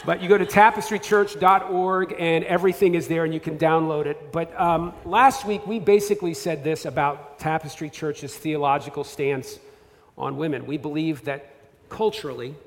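A man's voice: a little high, moderate pace. A man in his thirties, a pastor, preaching a conversational, self-deprecating sermon with asides and restarts. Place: church sanctuary. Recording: long hall reverb.

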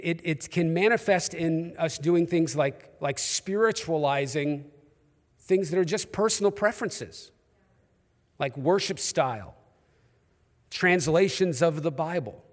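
A man's voice: high voice, long reverb tail. A man with a New York accent preaching a sermon in a church, with humorous, conversational storytelling. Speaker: pastor. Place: church auditorium.

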